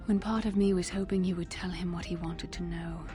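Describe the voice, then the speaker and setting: A grave, earnest young Jedi woman, as an actress voices her in a video game, her tone set fairly low and measured. Her lines sometimes sink to a soft near-whisper, with the game's music playing clearly behind her. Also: fairly even intonation, natural voice.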